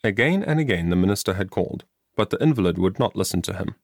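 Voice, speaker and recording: A man narrating an old moral story for an audiobook in a measured, expressive reading. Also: low-pitched, dry recording, studio quality.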